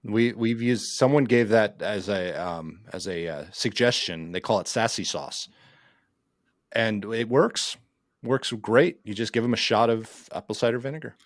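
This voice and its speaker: A man's voice: on the low side, a little slow, dry recording, clean studio sound. A man hosting a casual podcast, teasing his co-hosts and asking questions. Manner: teasing, inquisitive. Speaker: podcast host. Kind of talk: casual chat.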